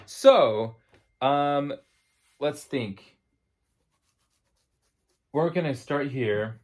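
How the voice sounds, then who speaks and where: A man with a middle-pitched voice and a tired voice teaches a singing lesson. He explains each point step by step and breaks into short sung demo words. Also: extremely slow, soft background music.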